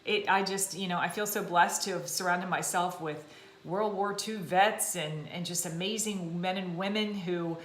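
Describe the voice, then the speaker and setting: A woman in her forties, a fitness vlogger chatting casually to her viewers, slightly froggy and hoarse, self-deprecating and quick to laugh. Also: fairly low pitch, a little hiss or hum. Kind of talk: casual chat to camera. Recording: echoey room.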